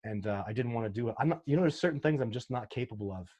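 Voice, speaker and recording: A man's voice: mid-range voice, expressive, very fast, a little mellow, dull audio. A man being interviewed as a sasquatch researcher, talking earnestly and emotionally, with frequent restarts as he tells his stories. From Canada. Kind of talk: casual interview talk.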